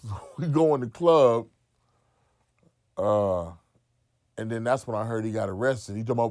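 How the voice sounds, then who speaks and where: A man being interviewed, telling a long profane story and acting out other people's quotes loudly. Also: mid-range voice, expressive, moderate pace, long pauses, dry recording, clean studio sound. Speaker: interview guest. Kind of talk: animated storytelling.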